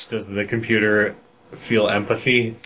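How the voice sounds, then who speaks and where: A man's voice: lowish voice, pushed and bright, a little hiss or hum. A man co-hosting a podcast in easygoing casual chat, laughing often. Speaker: podcast co-host.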